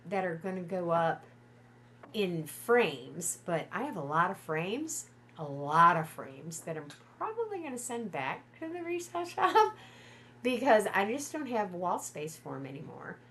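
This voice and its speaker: A middle-aged woman chatting casually on a livestream from home, gushing and excitable. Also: lowish voice, normal speed, a little hiss or hum. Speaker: livestream host.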